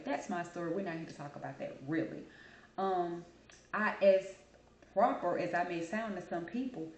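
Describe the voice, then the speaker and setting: Low-voiced woman chatting to camera. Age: adult. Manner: chatty, animated storytelling. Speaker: channel host. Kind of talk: casual talk to camera. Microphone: camera mic. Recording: roomy echo.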